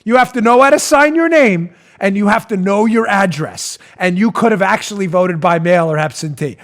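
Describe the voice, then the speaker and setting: A man's voice: sits high, normal speed, fairly bright tone. A middle-aged man hosting a political talk show, mocking his targets and laughing hard at his own jokes. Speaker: podcast host.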